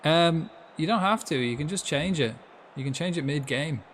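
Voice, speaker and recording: Animated and a bit bright, this voice sits on the high side and moves at a normal speed, with slight background noise. It belongs to a young Irish gaming streamer chatting casually over a football management game, reacting aloud and cursing freely.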